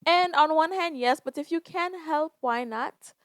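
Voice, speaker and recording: Her high voice comes at an unhurried pace as this young podcast host talks on her own, openly and emotionally, with plenty of sighs and curse words. The audio is studio quality with no echo.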